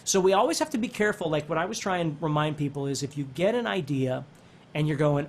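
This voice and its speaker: Animated, high-voiced male guitar teacher. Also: fast, a little hiss or hum. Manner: animated, talks with his hands, thinks aloud with restarts. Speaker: guitar instructor. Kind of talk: conversational teaching.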